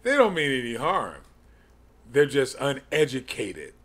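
A man in his forties teaching a Bible study in a slow, halting way, with many pauses and restarts. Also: medium pitch, wildly swooping pitch, a bit bright. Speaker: podcast teacher.

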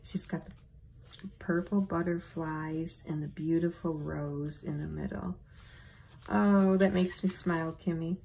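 A middle-aged woman at home chats slowly through an unboxing, gentle and full of thanks. Her voice is mellow and a little low, with a faint hum of room noise behind her. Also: fairly even intonation, vocal fry, rough recording. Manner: gentle, gushing, thankful, soft laughs. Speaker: channel host opening friend mail. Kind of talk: casual unboxing chat.

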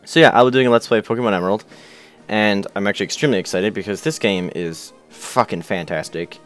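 A man's voice: fairly low pitch, fast, smooth, soft background music. A young man hosting a casual let's play, chatting loosely, swearing and reading game text aloud in silly voices. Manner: goofy, swears, shouts character names.

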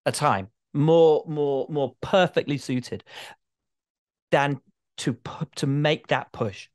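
A man's voice: fairly high pitch, slow pace, no echo. A middle-aged man chatting on a podcast as a guest, talking emphatically and expansively. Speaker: guest, motorsport reporter. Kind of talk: casual podcast chat.

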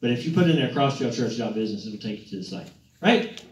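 Joking pastor in an echoey room. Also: male voice, mid-range voice, expressive, quick pace, a little hiss or hum. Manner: rambling, joking, self-correcting. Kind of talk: casual church announcements and joke-telling. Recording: echoey, distant, muffled, with guitar music.

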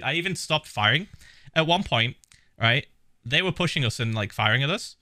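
A man's voice: medium pitch, expressive, moderate pace, sharp tone, no room sound, clean studio sound. A man casually reacting to a video, talking animatedly, swearing a lot and laughing often.

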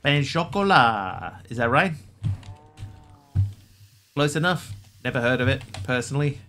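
Streaming a building game, a man chats and jokes casually in a mid-range, slightly bright voice at a moderate pace, with faint music in the background. His gameplay commentary rambles along, laced with gags and mock-pretentious pronunciations.

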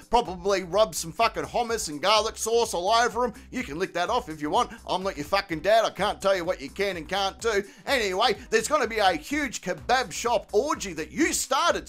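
A man's voice: sits high, a bit bright. A man hosting a comedy commentary channel, brash and jokey, swearing freely.

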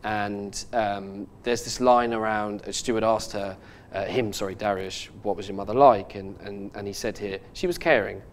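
A man hosting a podcast, telling a story in a halting, earnest way with many restarts and fillers. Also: lowish voice, little pitch movement. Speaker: podcast host. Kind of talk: casual podcast chat.

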